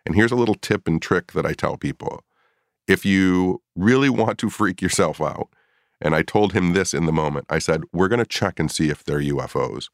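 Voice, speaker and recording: A man's voice: sits low, expressive, normal speed, creaky, no echo, clean studio sound. A middle-aged man and paranormal investigator telling a story in a casual podcast chat, acting out his own past reactions.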